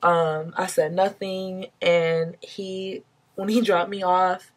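A young woman with a fairly low voice tells a personal story straight to her camera. She is candid and emotional, talking casually with plenty of swearing. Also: flat delivery, slow. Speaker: vlogger.

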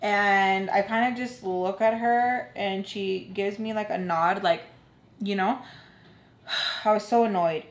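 A woman at a middling pitch tells a storytime to her viewers, casual and animated, trading quoted lines back and forth. Her voice carries a noticeable room echo, as if she is talking in a bare space. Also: takes it slowly. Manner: animated retelling, trades quoted lines, says "y'all". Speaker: vlogger. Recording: roomy echo.

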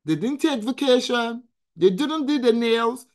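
A woman's voice: fairly high pitch, animated, a little slow, darkish tone. A woman hosting a weekly live coaching stream, talking in an emphatic, preacherly way, repeating phrases and answering viewers in the chat. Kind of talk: motivational live-stream talk.

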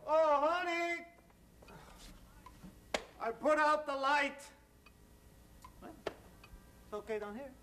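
A woman's voice: sits high, takes it slowly, pauses often, background noise. A woman playing a sleepy, put-upon married man who mutters complaints to himself and slips into Spanish. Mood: grumbling. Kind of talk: sitcom sketch acting.

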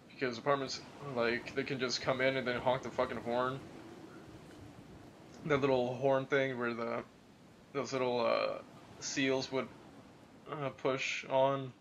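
A young man with a mid-range voice talks over his game in a loose, rambling way. He swears constantly and breaks into sudden yelling. A faint hiss runs underneath. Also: medium pitch. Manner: profane, rambling, with loud yelling outbursts. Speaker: gaming video host. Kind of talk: casual gameplay commentary.

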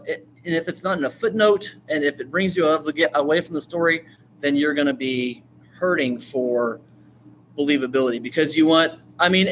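A man teaches storytelling to a class in an animated, chatty way, acting out quotes and throwing questions to the room. His voice sits a little high. A faint hiss runs under the recording. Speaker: writing teacher. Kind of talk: lively classroom talk on storytelling.

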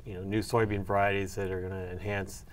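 A man's voice: low voice, flat delivery, quick pace, a little hiss or hum. A middle-aged man answering interview questions about his research, hesitant with many fillers and restarts. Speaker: soybean breeder and agronomy professor.

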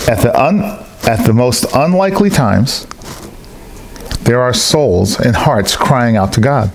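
A man's voice: medium pitch, takes it slowly, creaky, slight background noise. A man preaching a sermon in a church hall, telling personal stories and acting out the voices of the people in them. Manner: animated storytelling, acts out other people's lines.

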